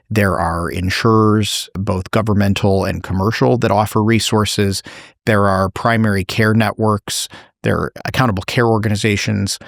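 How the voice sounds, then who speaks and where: Measured low-voiced executive. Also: male voice, no room sound, clean studio sound. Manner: measured, articulate, builds lists of points. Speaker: healthcare company executive, guest. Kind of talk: interview answers.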